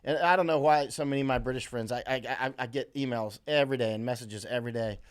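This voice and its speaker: This is an American man running his own live stream and talking straight into a computer mic. His casual talk rambles, full of fillers and restarts, as he answers viewer comments. His voice sits at an ordinary middle pitch. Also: fast, smooth. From USA.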